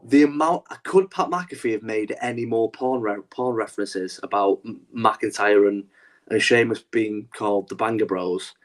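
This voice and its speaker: Animated rambling man on a podcast. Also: fairly low pitch, normal speed. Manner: animated, rambling with many restarts and swearing. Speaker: podcast co-host. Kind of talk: casual wrestling chat.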